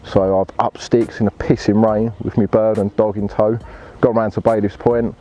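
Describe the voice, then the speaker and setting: Deep-voiced angler, blunt and laddish. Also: male voice, flat delivery, moderate pace, mellow, dull audio, soft background music. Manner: blunt, swears freely, laddish slang. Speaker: angler telling his story. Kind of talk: casual storytelling.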